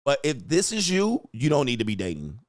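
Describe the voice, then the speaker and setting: Brisk and medium-pitched, his voice swings hugely in pitch as he hosts a reaction show. He often laughs, mocking and lecturing whoever appears in the clips he plays. The sound is clean studio quality without echo.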